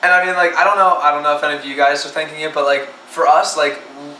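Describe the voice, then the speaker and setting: A young man in casual group chat on a vlog, excited, laughing often and full of fillers. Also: a little high, quick pace. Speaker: vlogger. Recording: roomy, far from mic, faint noise.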